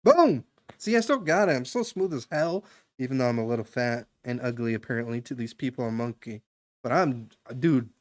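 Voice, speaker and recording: A young man on a live stream speaks at a medium pitch, a little fast and slightly mellow. He chats loosely and at length, handing a stranger casual advice, with lots of fillers and restarts.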